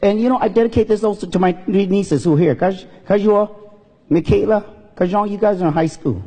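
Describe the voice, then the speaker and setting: A comedian giving an earnest, emotional storytelling speech on a stage. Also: male voice, sits high, fairly quick, mellow. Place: stage in a hall. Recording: long reverb in a hall.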